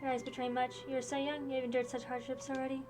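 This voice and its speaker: A woman reading the lines of a composed masked male swordsman, with formal and measured phrasing. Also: high-pitched, flat delivery, over music, natural voice. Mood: grave. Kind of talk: reading game dialogue aloud.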